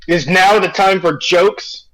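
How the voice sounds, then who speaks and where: A man playing in a tabletop game, joking around and quick to laugh in casual chat. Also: sits high, steady tone, fairly bright tone, no echo, rough recording. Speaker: player.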